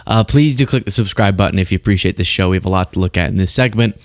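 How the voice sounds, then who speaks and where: A man hosting a political commentary show, talking casually and sarcastically, sometimes jumping into high mocking voices. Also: rapid-fire, no echo.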